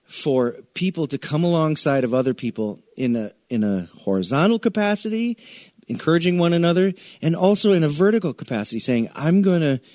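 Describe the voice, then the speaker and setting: A man's voice: fairly high pitch, sing-song, a little fast, a little mellow, no room sound. Chatty, joking male pastor, dry sound. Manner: chatty, joking asides, restarts sentences, stretches key words. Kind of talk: conversational sermon.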